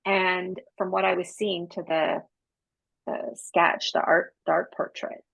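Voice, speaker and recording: A woman's voice: on the low side, level tone, slow pace, vocal fry, a bit bright, no echo, poor audio. A woman guest telling a story in a casual interview, chatty and slangy, acting out the dialogue. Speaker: podcast guest, psychic medium.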